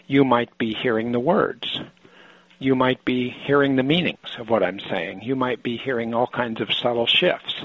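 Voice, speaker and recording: A man with a gravelly, husky voice lectures a group of clinicians in a thoughtful, explanatory way, often breaking off and restarting his sentences. The recording is dry and dull, with a lo-fi sound. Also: mid-range voice, no echo. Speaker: therapy trainer lecturing clinicians.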